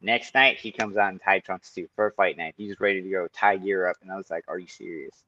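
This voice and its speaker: A man with a lowish voice telling fight stories in a loose, animated way, swearing freely. The sound is dry and a bit dull, like a lo-fi recording with no room around it. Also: quick pace, no echo. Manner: animated storytelling, swears often. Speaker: guest, kickboxer and Muay Thai instructor. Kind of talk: casual podcast chat.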